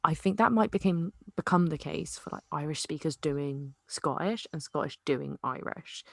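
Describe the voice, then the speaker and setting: A woman with a notably low voice chats on a podcast in a playful, slangy way, tossing out big enthusiastic verdicts. The sound is dry and close to the mic. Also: normal speed, gravelly, no room sound. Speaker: podcast co-host. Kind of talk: casual tipsy chat.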